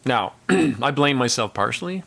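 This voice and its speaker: A man's voice: medium pitch, animated, a little slow, creaky, fairly bright tone. A man who works as a live sound engineer, telling stories casually and with self-deprecation, acting out other people's lines in raised voices. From Canada. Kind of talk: casual storytelling to camera.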